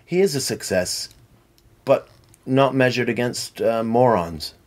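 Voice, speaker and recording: A middle-aged man chatting as a podcast guest, rambling and tangential with animated storytelling. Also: mid-range voice, unhurried. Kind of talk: casual chat.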